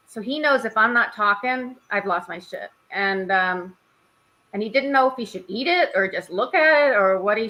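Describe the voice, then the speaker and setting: A woman's voice: medium pitch, pushed and bright, rough recording. A middle-aged woman, a mindset and spiritual coach, telling a candid story on a video call panel. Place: home in Florida.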